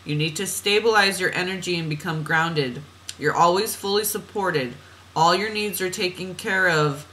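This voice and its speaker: A woman's voice: lowish voice, normal speed, a bit bright, low-quality recording. Chatty woman reading oracle cards. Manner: chatty, laughs at herself, drifts off on tangents. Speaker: oracle card reader. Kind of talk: spiritual card reading monologue.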